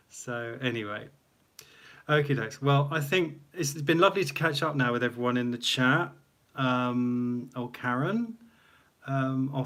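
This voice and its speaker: A man's voice: mid-range voice, fairly bright tone. A man hosting a casual live stream from a small room at home, chatty and rambling, laughing often at himself. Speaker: livestream host.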